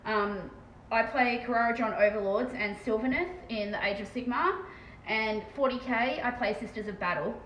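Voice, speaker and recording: A woman with an Australian accent chatting fast and casually on a live stream as she paints terrain, swearing freely. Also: fairly high pitch, fairly bright tone. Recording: echoey room with faint background noise.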